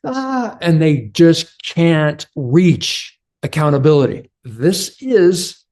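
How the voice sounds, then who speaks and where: A man's voice: a little high, takes it slowly, darkish tone. A man giving a motivational relationship talk to other men, earnest and direct, calling his listeners brothers. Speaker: men's relationship coach.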